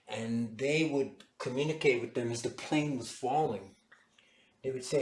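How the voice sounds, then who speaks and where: A man giving an animated, storytelling lecture to a class. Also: medium pitch, unhurried. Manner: animated, dramatic retelling. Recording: echoey room.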